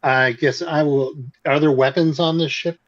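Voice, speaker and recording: A man's voice: fairly high pitch, fairly even intonation, moderate pace, dry recording, dull audio. A man playing a tabletop game, making joking asides. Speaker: player. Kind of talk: casual tabletop play.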